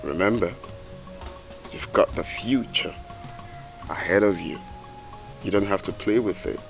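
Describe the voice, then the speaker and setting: A coaxing prince. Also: male voice, deep voice, measured pace, creaky, faint music behind. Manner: persuasive, coaxing. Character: proud young prince pressing a woman.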